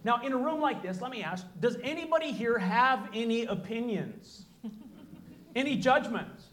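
Presenter: man with a high, light voice, earnest and explanatory, speaking to a live audience. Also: animated, moderate pace, fairly bright tone, slight background noise. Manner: earnest, explanatory, acts out short dialogues. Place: room with an audience.

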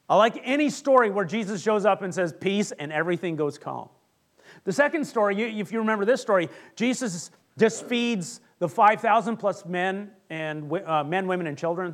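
A male pastor preaching a sermon, retelling Bible stories with lively acted-out voices. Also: high-pitched. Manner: animated storytelling, acts out Bible characters.

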